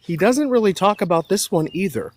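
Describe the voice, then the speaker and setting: A man's voice: sits high, expressive, brisk, darkish tone. A man co-hosting a casual political chat, out of breath while walking outside by a road, joking and sarcastic. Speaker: co-host.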